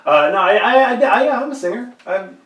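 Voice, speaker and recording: A man's voice: sits high, lively intonation, brisk, fairly bright tone. A man co-hosting a podcast, trading playful, teasing jokes in casual comedic banter. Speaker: podcast co-host. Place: indoor recording room. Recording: roomy room, mic at a distance.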